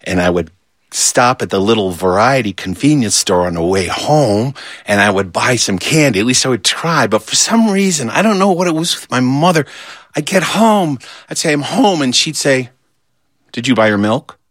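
A man telling a funny childhood story in an animated, playful way, swooping between low and high. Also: moderate pace. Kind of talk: humorous personal storytelling.

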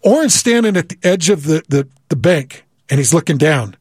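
Husky-voiced man telling a vivid story. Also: on the high side, sing-song, moderate pace, darkish tone, no room sound, clean studio sound. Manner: vivid, repeats words, acts out quoted voices. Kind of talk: animated personal storytelling.

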